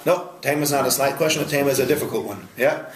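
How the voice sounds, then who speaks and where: A man, a rabbi, teaching a Talmud class in a study hall, firing questions at his students in a lively way. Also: medium pitch, very fast, crowd noise. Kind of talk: interactive Talmud lesson.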